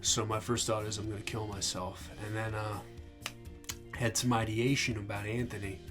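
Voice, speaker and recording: A man's voice: fairly low pitch, flat delivery, moderate pace, over music. A young man, an army veteran, angrily telling a profane story in a casual vlog. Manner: angry, profane, acts out quoted dialogue.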